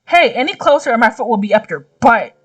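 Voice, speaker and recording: Sore-loser young woman, snippy and fiery, read by a woman gamer, lightly high. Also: animated, a little fast, slightly rough, no echo, far from the mic, faint music behind. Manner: snippy, complaining. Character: feisty, competitive young woman who hates losing.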